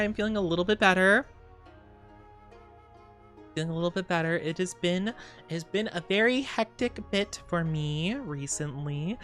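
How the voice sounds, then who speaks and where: A woman's voice: mid-range voice, a bit bright. A young woman streamer chatting casually with her viewers, rambling and giggling often.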